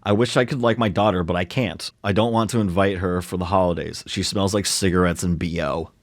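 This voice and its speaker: A man's voice: low-pitched, fairly even intonation, a little fast. A young man co-hosting a podcast, joking around and reading online posts aloud, sometimes tripping over his words. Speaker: podcast co-host reading stories.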